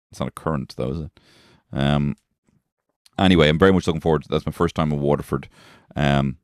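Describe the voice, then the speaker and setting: Dublin comedian, 30s, man, extremely deep voice, dry close recording, rambling self-mocking podcast chat with casual swearing. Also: no echo. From Dublin, Ireland. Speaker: comedian host.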